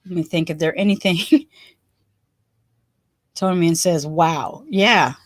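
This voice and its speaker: A woman hosting a live stream chats loosely with her viewers, trailing off and laughing often. Her voice sits a little low. It sounds close and dry, with no room around it. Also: takes it slowly, dry recording. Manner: chatty, laughs often, restarts and rambles. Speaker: livestream host. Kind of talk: casual live-stream chat.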